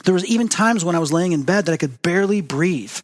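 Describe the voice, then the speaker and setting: Man telling a story in a reverberant hall. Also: fast talker. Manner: animated storytelling, acts out quoted dialogue with big pitch jumps. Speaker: host. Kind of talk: storytelling monologue.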